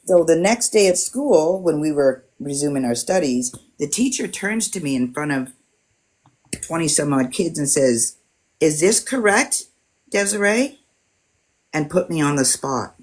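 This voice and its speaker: A woman's voice: low-pitched, lively intonation, normal speed, darkish tone. A woman in her sixties from Alberta, Canada, telling a personal story in casual podcast chat, reflective and full of "you know" fillers. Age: 60s.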